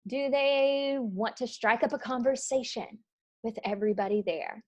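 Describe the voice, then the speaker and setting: A woman's voice: a little high, moderate pace, a little mellow, dull audio. A woman teaching an online improv class in a casual way, with plenty of fillers. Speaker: improv instructor. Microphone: video call.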